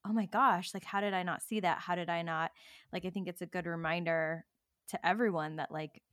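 A woman's voice: on the low side, fairly even intonation, fairly quick, a bit bright, dry recording, studio quality. A woman co-hosting a casual podcast, speaking earnestly with frequent "like"s and easy laughter. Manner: earnest, laughs often, says "like" a lot. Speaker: podcast co-host. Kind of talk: casual chat.

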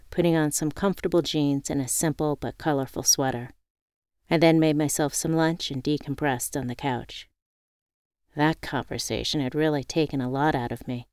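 A woman narrates a first-person audiobook in a low, smooth voice. Her reading is measured and expressive. The sound is dry and close on the mic. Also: no room sound.

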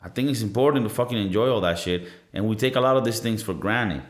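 A man's voice: fairly low pitch, quick pace. A man in his thirties talking in a casual solo podcast monologue, rambling and profane, often poking fun at himself. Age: 30s. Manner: rambling, profane, self-mocking. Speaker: podcast host. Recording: roomy echo.

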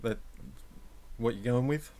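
A man with an Australian accent in casual chat, calm and laid-back, often breaking into giggles. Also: medium pitch, measured pace.

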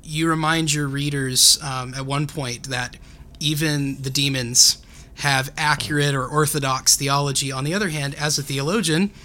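Bright-voiced male podcast host. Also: fairly high pitch, fairly even intonation, normal speed. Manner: thoughtful, builds long careful questions. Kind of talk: podcast interview questions.

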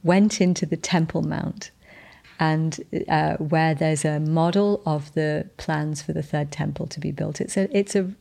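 Low, gravelly woman sharing testimony. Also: steady tone, measured pace, warm tone. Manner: earnest, heartfelt storytelling with frequent restarts. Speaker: podcast host. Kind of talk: personal faith testimony.

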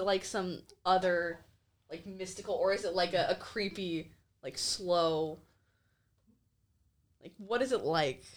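A woman's voice: lowish voice, takes it slowly, long pauses. A woman player in a casual tabletop game, asking questions in a hesitant, filler-heavy way.

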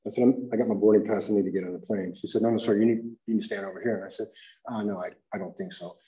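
A middle-aged American man sharing his recovery story at a meeting, rambling and animated, often saying "you know what I mean" and "dude", his voice climbing high when he acts out shouting. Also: rapid-fire. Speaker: recovery speaker. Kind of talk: recovery share. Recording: echoey room.

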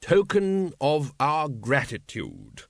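A man voicing a cool, aristocratic male city ruler who speaks slowly with a smooth, polite drawl. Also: a little high, huge pitch swings, no echo, clean studio sound, heavily acted.

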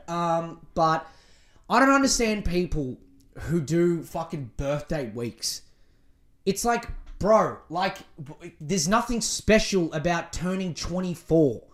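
A man's voice: high-pitched, lively intonation, unhurried. A man hosting a solo podcast, joking, swearing freely and rambling through a rant. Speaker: podcast host.

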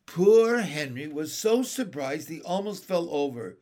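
A man reads a children's chapter book aloud in a slow, unhurried way. His pitch moves a lot and sits a little high for a man, keeping the telling lively. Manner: slow, expressive reading. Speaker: narrator. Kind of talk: children's storybook reading.

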